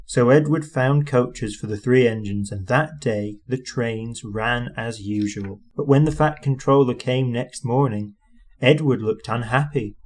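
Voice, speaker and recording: A man reading a children's story aloud with expressive, animated narration. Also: medium pitch, unhurried.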